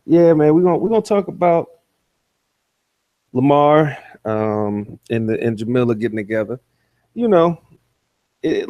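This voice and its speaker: A man's voice: on the low side, dark tone, no echo, studio quality. A man hosting an online talk show, ranting with aggressive, profane trash talk. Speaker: host.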